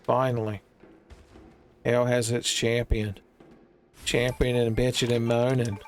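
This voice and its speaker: A man's voice: mid-range voice, flat delivery, slow. A man giving rambling, joking commentary while he plays a video game, peppering his talk with "son" and bits of silly wordplay. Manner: rambling jokey riffing, calls viewers "son". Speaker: gaming streamer.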